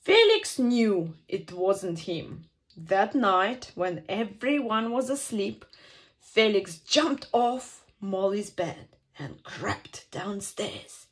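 A woman reading a children's picture book aloud at storytime, with an expressive, sing-song delivery and dramatic pauses. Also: medium pitch.

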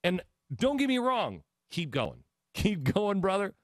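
A man hosting a talk show, speaking in a sarcastic, animated way into a studio mic. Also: high voice, a little slow, no echo. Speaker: host. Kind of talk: talk radio commentary.

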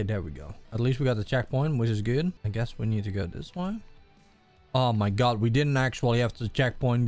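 A man casually commenting on his gameplay, excitable and swearing and yelling at the game. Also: medium pitch, no echo. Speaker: gaming video host.

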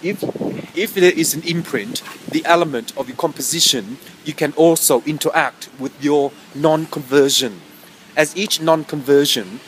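A man vlogs to camera outside in the wind, wandering through invented pseudo-technical terms, stopping often to fix his wording and meowing between phrases. His voice is a little high and fairly bright at a moderate pace, on a low-quality recording with slight background noise.

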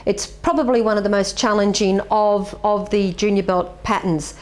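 Woman, middle-aged martial arts master, interviewee, earnest and animated, mid-range voice. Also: medium pitch, normal speed. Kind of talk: reflective interview answers.

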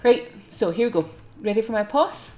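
A young Scottish woman streaming a game live, chatty and excitable and laughing often as she talks to her viewers. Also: on the high side, moderate pace, a little hiss or hum.

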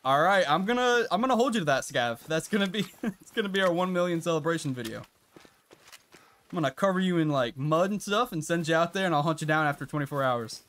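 A chatty male game streamer talking his viewers through a hunt. His voice sits a little high and swings widely in pitch, jumping up when something surprises him. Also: animated, quick pace. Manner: chatty, reacts loudly with laughs and gasps. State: out of breath at times. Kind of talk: live gameplay commentary.

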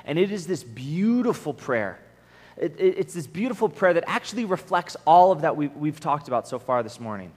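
Young man, slightly high voice, casual earnest sermon, camp speaker, long hall reverb. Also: very animated, normal speed, darkish tone. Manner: earnest, acts out prayers in quoted voices, asks the room "right?". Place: large meeting hall at a camp.

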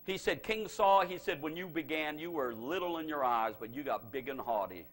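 Man, pastor, revival sermon, fairly high voice, very animated, loud preaching then low confiding asides. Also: moderate pace. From United States.

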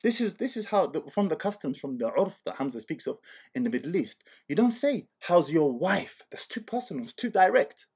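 A man from Algeria hosting, who talks in casual commentary, asks rhetorical questions and acts out quotes as an animated storyteller. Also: sits high, a little fast, breathy edge. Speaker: host.

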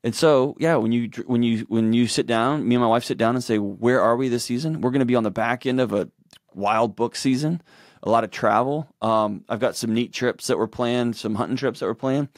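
An earnest man in his forties with a drawl, a guest who is himself an author and show host, tells candid personal stories in a conversational interview. He speaks fairly quickly at a middle pitch, shifting voices to act out quotes. The studio sound is dry and close.

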